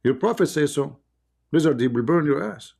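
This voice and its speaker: A man's voice: a little high, animated, normal speed, creaky, a little mellow, husky. A man hosting a live-streamed debate with callers. He is sick with the flu and talks in a mocking, sarcastic way, with broken English grammar. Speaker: debate host.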